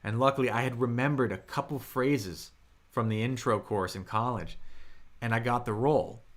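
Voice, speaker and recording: A man's voice: medium pitch, moderate pace. A young man teaching Mandarin on a live stream, chatting casually, answering viewers and sounding out the tones. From United States. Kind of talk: live-streamed language lesson.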